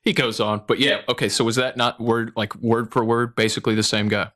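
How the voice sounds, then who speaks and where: A man's voice: mid-range voice, little pitch movement, fairly quick, fairly bright tone. A man hosting a podcast, chatting loosely with laughs and swearing. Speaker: podcast host. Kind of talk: casual chat.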